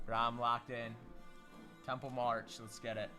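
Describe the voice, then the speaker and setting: Young male pack-opening streamer, hyped and slangy, slow delivery, bright voice. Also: mid-range voice, flat delivery, soft background music. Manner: hyped, slangy, talks to chat. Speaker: livestream host opening card packs. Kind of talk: casual livestream chat.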